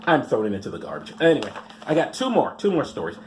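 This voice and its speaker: A man's voice: medium pitch, huge pitch swings, fast talker, slight background noise. A man reading out news stories and mocking them with sarcastic, rambling asides. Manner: rambling, mocking asides, mumbled "blah blah" skips.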